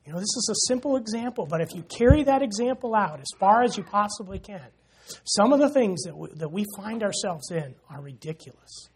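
A man's voice: high voice, lively intonation, brisk. A man preaching a sermon in church, talking casually and joking with the congregation. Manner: conversational, jokes with the congregation, frequent "you know".

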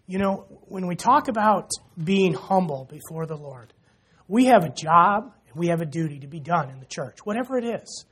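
A man's voice: high voice, lively intonation, normal speed, fairly bright tone, breathy edge. A man preaching a sermon in church, talking casually and joking with the congregation. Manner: conversational, jokes with the congregation, frequent "you know".

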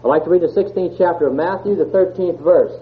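A man's voice: fairly high pitch, quick pace, a little hiss or hum. A man giving a sermon, reading scripture and asking the congregation earnest questions. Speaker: church speaker. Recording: tinny phone-like sound.

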